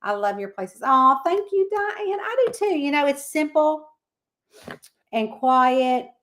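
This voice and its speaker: A woman's voice: high voice, lively intonation, slow, fairly bright tone, a little hiss or hum. A woman hosting a casual livestream, chatting and reading out viewer comments by name. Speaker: livestream host.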